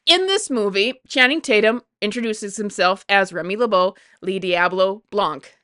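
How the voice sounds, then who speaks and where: Bright clear-voiced woman ranting on camera, dry close sound, gets fired up. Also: mid-range voice, normal speed, no room sound. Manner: animated, indignant, repeats herself. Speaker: YouTube commentator. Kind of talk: opinionated reaction rant.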